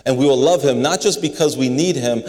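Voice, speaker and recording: A man's voice: mid-range voice, a little fast, a little mellow. A man preaching a sermon in an earnest way, often repeating words as he stresses a point. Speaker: pastor. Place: large building. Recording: long reverb of a large hall.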